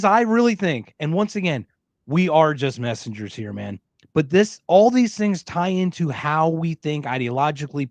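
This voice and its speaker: A man's voice: on the high side, no echo. A man co-hosting a podcast in a laid-back, joking way, full of slangy asides like dude and man. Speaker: podcast co-host. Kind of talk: casual chat.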